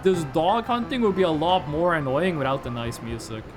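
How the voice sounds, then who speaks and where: A streamer from Norway speaking with an American-sounding accent, chatty and rambling, full of fillers. The pitch bounces around a lot. Faint music plays underneath. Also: expressive, normal speed. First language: Norwegian. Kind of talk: casual gameplay commentary.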